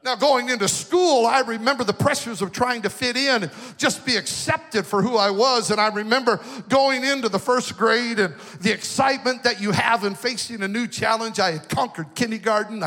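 In a long, reverberant hall, a pastor from the western United States delivers a storytelling sermon about something personal and emotional. He sounds high, bright and forceful, moving at a moderate pace with few pauses and sing-song swells.

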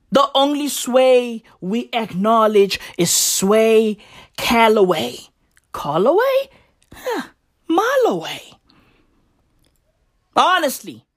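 Woman doing a sweary comedy rant, high voice all over the place. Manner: profane, slangy, swings from musing to shouting and sing-song chanting. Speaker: comedic commentator. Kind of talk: ranting comedic monologue.

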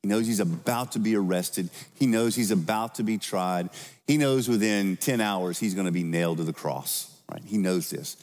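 A man's voice: on the low side, normal speed, a little mellow. A man preaching a sermon as pastor, in a conversational style, often asking the congregation questions and adding "right?". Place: church sanctuary. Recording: long church reverb.

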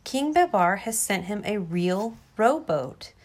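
A woman reading a storybook aloud to her child, gentle and expressive. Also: medium pitch, slow.

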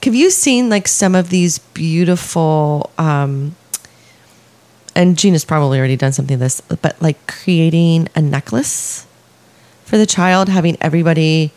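A woman co-hosting a casual podcast, speaking in a gushing, affectionate way and sometimes reading passages aloud slowly. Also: low-pitched, darkish tone. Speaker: podcast co-host. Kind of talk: casual chat.

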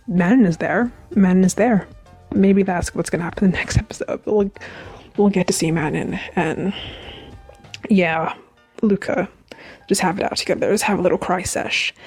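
A woman's voice: lowish voice, darkish tone. A young woman hosting a review podcast, recapping a TV episode in a chatty, emotional way with frequent restarts and self-corrections. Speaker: podcast host reviewing a TV series.

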